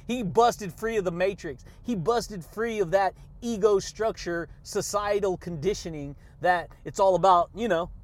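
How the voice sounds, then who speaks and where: High-voiced excitable male podcast host. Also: measured pace, hardly any pauses. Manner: excitable, laughs often, catchphrases like "yeah, buddy" and "baby"; preachy, repetitive pep talk. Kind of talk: motivational podcast monologue.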